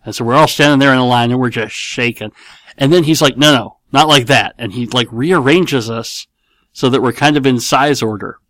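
A man's voice: mid-range voice, fairly quick, a bit bright, no room sound, clean studio sound. A middle-aged man hosting a casual home podcast, answering listener questions in a rambling, playful way and often correcting himself mid-sentence. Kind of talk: casual chat. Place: at home with his kids nearby.

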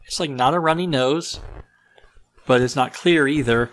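A man's voice: medium pitch, moderate pace, slight background noise, poor audio. A man hosting a casual podcast, talking in a loose, rambling way with plenty of restarts and self-deprecating asides. His nose is stuffed up, giving his ordinary mid-range voice a slightly congested sound. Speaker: podcast host.

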